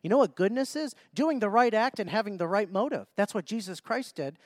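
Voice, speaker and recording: A man's voice: high-pitched, lively intonation, fairly quick, no room sound, studio quality. A man preaching a sermon, reading scripture and throwing out rhetorical questions, often restarting his phrases. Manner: reads scripture in old-fashioned biblical wording.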